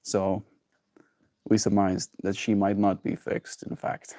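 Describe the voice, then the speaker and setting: A man's voice: completely flat delivery, slow, mellow, dry recording, studio quality. Playful man chatting on a livestream. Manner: rambling and playful, with high baby talk to his pets. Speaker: daily livestreamer. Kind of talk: casual livestream chat.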